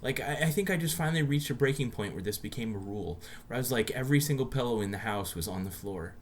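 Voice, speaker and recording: A man's voice: mid-range voice, expressive, quick pace, a little hiss or hum. Easygoing man telling home stories. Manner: easygoing storyteller, laughs often. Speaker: podcast co-host. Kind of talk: casual chat.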